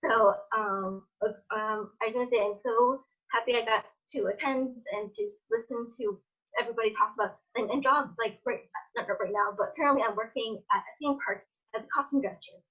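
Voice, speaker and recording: A woman's voice: a little high, fairly quick, lo-fi sound. A woman who stutters, talking emotionally and openly on a video call in a casual meeting. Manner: stutters, rambles, swings between tearful and upbeat. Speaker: attendee. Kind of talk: emotional personal sharing.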